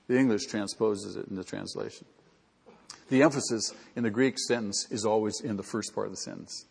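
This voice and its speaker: Husky, gravelly preacher in a hall. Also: male voice, lowish voice, a little fast. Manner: earnest, rising to emphatic peaks. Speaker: pastor. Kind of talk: sermon.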